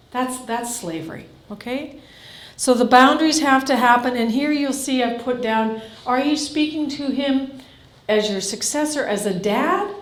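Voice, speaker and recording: A woman in her fifties from Canada, a farm family coach giving a live seminar, blunt and direct, firing questions at the audience. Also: on the high side. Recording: echoey hall.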